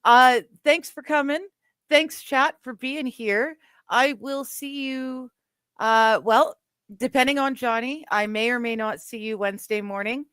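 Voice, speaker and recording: A woman's voice: sits high, fairly even intonation, unhurried, a bit bright, smooth, dry recording. A woman hosting a casual live stream chat, reading chat messages aloud and laughing easily. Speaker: stream host.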